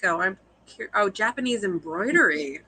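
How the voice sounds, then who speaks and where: A woman's voice: medium pitch, expressive, fairly quick, sharp tone, no room sound, low-quality recording. A young woman, a fiber artist guest, chatting casually on a live video call, rambling and self-deprecating with frequent laughs.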